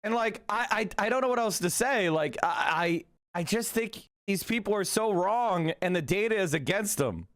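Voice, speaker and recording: A man with a high voice delivers political commentary on a live stream. He rants with heat, swears freely and yells insults, and he often trips over his words as he speeds up. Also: expressive, normal speed, few pauses. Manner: heated, profane, ranting and yelling insults.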